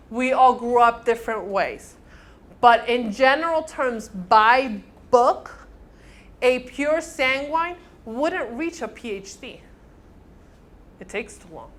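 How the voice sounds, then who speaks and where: A woman teaching a counseling class with a somewhat high voice. She is animated and acts out short exchanges between personality types, often pausing to ask if everyone is following. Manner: animated, acts out little dialogues, checks in with "okay?". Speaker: counseling instructor. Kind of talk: classroom lecture.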